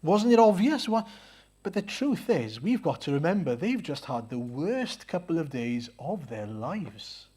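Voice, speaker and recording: A man's voice: medium pitch, very animated, a little slow, few pauses, a little mellow, husky. A man preaching a sermon in a church, earnest, asking rhetorical questions and often hesitating and repeating words.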